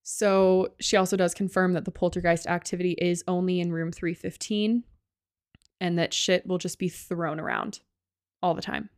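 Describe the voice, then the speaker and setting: A woman's voice: on the low side, flat delivery, moderate pace, dry recording. A woman co-hosting a podcast, casually retelling a ghost-hunting show with lots of "like" and the odd curse, on a close mic. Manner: loose, sweary storytelling with many likes. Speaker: podcast co-host.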